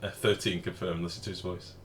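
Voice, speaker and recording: A man's voice: sits low, little pitch movement, quick pace, fairly bright tone. A man chatting casually as he streams a game, answering viewers and swearing now and then. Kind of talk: casual live-stream commentary. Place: home room with the window open. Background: faint outdoor street noise.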